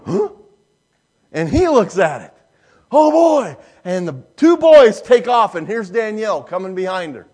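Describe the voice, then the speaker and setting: A male pastor preaching a sermon, telling a folksy family story with lively sound effects before drawing a lesson. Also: sits high.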